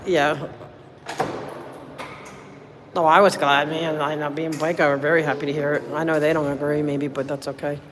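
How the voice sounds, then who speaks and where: This is a livestreamer talking casually to viewers from inside a city hall, sounding worn out from a short night. The talk rambles, full of fillers and warm thanks. The pitch sits in the middle, with a faint hiss of background noise. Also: flat delivery, moderate pace, long pauses. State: tired, running on little sleep. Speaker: livestreamer at a public meeting. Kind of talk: casual live chat with viewers. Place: city hall building, indoors.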